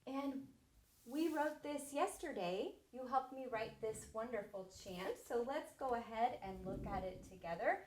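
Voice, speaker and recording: Woman teacher, slow sing-song delivery, bright higher voice, roomy echo. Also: lively intonation, slight background noise. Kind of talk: early-grade reading lesson.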